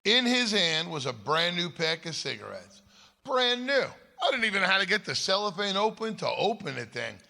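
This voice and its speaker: Telling his own story from the stage at a church conference, a guest speaker is emphatic and conversational, regularly checking in with the audience, and the large hall adds long reverb. He speaks at normal speed in a high-pitched, sing-song voice with vocal fry and a sharp tone.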